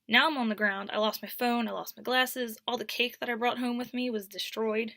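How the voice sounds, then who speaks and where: A young woman telling a storytime vlog, animated, dropping to whispers and then rising to loud bursts. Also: on the high side, a little fast, gravelly, dry recording, studio quality. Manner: animated, swings from whispers to near-shouts. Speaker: vlogger.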